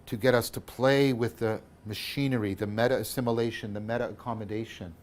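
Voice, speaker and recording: A man giving a philosophy lecture, thinking aloud, correcting himself often and tagging points with "right?", his loudness swinging between emphatic and hushed. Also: mid-range voice, fairly even intonation, a little fast, slight background noise.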